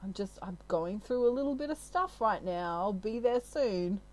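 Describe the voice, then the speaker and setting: Sheepish, harried man asking the angels for help, a woman doing him hesitant, apologetic, a touch slow. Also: medium pitch, a little mellow, lightly acted, rough recording.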